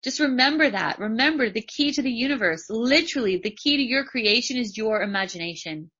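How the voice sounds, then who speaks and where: A woman's voice: a little high, expressive, fairly quick, sharp tone, husky. A woman, a podcast host giving a motivational spiritual talk and repeating phrases for emphasis. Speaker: podcast host and business coach. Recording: dull lo-fi recording.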